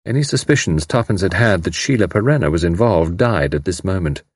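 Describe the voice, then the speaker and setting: Male audiobook narrator, low husky voice with lively intonation; measured. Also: no echo, studio quality.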